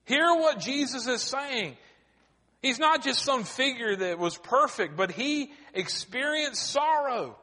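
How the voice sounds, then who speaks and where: A male pastor preaching a sermon, with dramatic pauses, building to emphatic cries. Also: extremely high pitch, animated, bright, forceful tone. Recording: long hall reverb.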